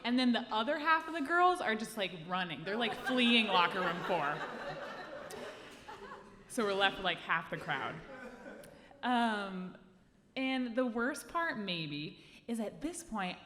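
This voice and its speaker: A woman telling a personal story live on stage into a handheld mic, animated and acting out the scene for the audience. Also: mid-range voice, a little slow, crowd noise. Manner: lively, animated, acts out the scene. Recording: live hall reverb, faint room noise.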